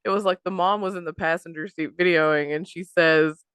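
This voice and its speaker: A woman's voice: fairly low pitch, steady tone, fairly bright tone, smooth, dry recording. A woman co-hosting a podcast in casual chat, retelling stories and laughing along. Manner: chatty, quick to laugh along. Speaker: podcast co-host.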